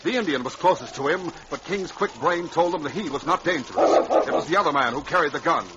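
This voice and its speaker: A man narrating a radio adventure drama in a measured, dramatic style. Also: fairly high pitch. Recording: dull old radio recording with loud hiss.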